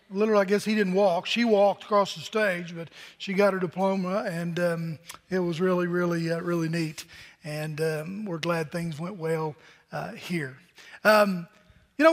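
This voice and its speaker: A man's voice: high-pitched, fairly bright tone, long reverb tail. A man in his sixties preaching a sermon, telling a personal story in a conversational way with fillers and asides. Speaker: pastor.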